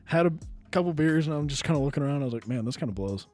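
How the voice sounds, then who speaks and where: A man's voice: a little high, lively intonation, very fast, darkish tone, soft background music. A young man in his twenties co-hosting a podcast, telling a story in a laid-back, teasing, dry way. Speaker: podcast co-host. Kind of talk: casual storytelling chat.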